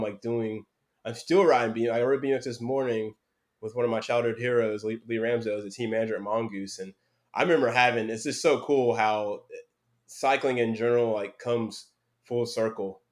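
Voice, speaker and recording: A young man from North Carolina, a former BMX racer, chatting as a podcast guest with lots of fillers and restarts. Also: lowish voice. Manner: rambling, many fillers and restarts. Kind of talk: casual conversational interview.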